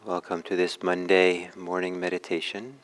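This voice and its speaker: A man leading a guided meditation talk as a meditation teacher, speaking gently with long pauses. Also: low-pitched, monotone, rough recording.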